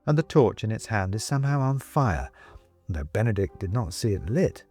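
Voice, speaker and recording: Lively male storybook narrator. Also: on the low side, moderate pace, soft background music. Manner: lively, expressive. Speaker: audiobook reader.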